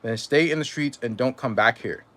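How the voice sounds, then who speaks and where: A man's voice: medium pitch, moderate pace, fairly bright tone, close to an everyday voice. A man reading aloud and voicing a stern, hard-pressed mother who gives clipped, final commands.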